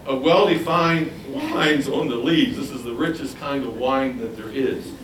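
A man's voice: mid-range voice, measured pace, slight background noise. A man preaching a sermon, asking his listeners questions and acting out the voices of others. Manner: animated, asks the audience questions, acts out voices. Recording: roomy, from a distance, faint ambience.

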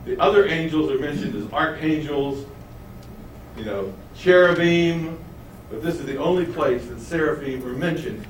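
A man with a voice a little high for a man teaches a Bible study lesson at a moderate pace. He repeatedly asks his listeners questions and answers them himself. The mic is at a distance in an echoey room, with faint room noise behind.

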